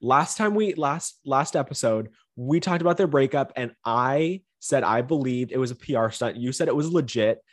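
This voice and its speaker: A man's voice: mid-range voice, moderate pace, hardly any pauses, dry recording, studio quality. A man co-hosting a podcast, teasing and arguing in a casual chat over a video call. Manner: teasing, animated, argumentative. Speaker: podcast co-host.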